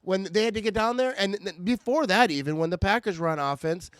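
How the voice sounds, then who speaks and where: A man's voice: high voice, a little fast, fairly bright tone, smooth, no echo. A man in a casual, irritated fan rant about his team, stammering and restarting often. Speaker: sports fan vlogger.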